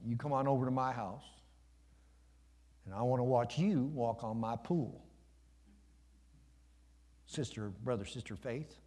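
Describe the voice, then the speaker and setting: A man's voice: mid-range voice, measured pace, long pauses, dark tone. A man preaching a sermon to his congregation in a folksy, conversational way, asking them questions and joking. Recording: long reverb of a large hall.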